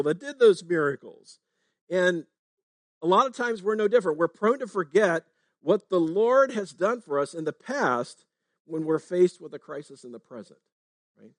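Pastor, male, slightly high voice, relaxed talky sermon delivery, dry recording. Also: no echo. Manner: conversational preaching, frequent "right?" tags.

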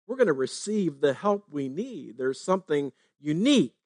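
A man's voice: on the high side, very animated, normal speed, darkish tone, no room sound, clean studio sound. A man preaching a sermon in a conversational way, often checking in with "right?". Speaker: pastor.

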